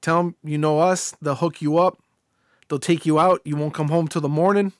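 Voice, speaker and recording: Joking car podcast host, slightly high. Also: male voice, fairly even intonation, dry recording, clean studio sound. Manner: joking, quick to laugh, explaining. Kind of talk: casual chat.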